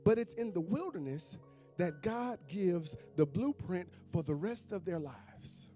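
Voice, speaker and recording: A man's voice: high-pitched, lively intonation, measured pace, mellow. A male pastor preaching a sermon, calling out to the congregation and breaking into sung, whooping phrases. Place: church sanctuary with congregation. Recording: faint instrument music behind.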